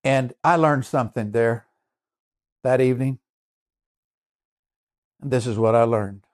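A male preacher telling a testimony in a sermon, earnest and emphatic, slowing down to stress key points. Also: medium pitch, a little mellow. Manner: earnest, emphatic storyteller with shifting pace.

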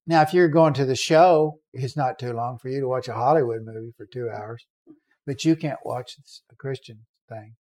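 A man preaching a sermon, telling a story with animated acted-out voices and shouts. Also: mid-range voice, moderate pace.

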